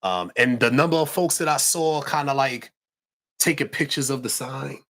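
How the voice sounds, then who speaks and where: A man's voice: medium pitch, moderate pace, a bit bright. A man co-hosting a casual livestream chat, laid-back and slangy, often repeating words as he restarts. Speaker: yarn company co-host.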